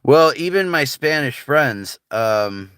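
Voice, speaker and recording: A man's voice: fairly high pitch, expressive, takes it slowly, a bit bright, smooth, dry recording, studio quality. A man with a General American accent, chatting casually on a livestream in a laid-back, rambling way full of filler words. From United States.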